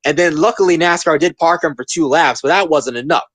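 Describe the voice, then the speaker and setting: A man's voice: on the high side, fairly quick, fairly bright tone, no room sound. A man in his twenties hosting a casual opinion podcast, talking emphatically and ranting, repeating his points. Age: 20s. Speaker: podcast host.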